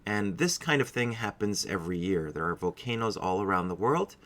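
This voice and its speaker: A man teaching English vocabulary in a clear, deliberate, encouraging way. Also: sits low, expressive, fairly bright tone. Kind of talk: scripted vocabulary lesson.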